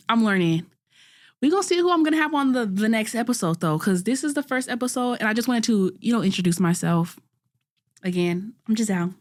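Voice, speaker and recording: A woman's voice: mid-range voice, no room sound, clean studio sound. A young woman in her twenties hosting a podcast, talking through a candid, self-critical monologue in casual slang with frequent restarts. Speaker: podcast host.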